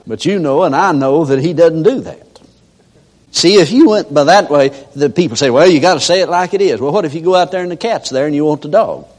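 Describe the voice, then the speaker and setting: An older man preaches in a folksy storytelling way, his voice lively and sweeping, a little higher than most men. It rings out with a long hall reverb. He slips into characters to make his point. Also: a little fast. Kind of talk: sermon.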